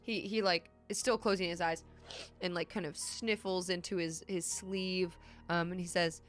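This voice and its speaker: A woman's voice: fairly low pitch, steady tone, normal speed. Casual young woman game master. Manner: casual, lots of filler words. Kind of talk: narrating a tabletop game on a stream. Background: soft background music.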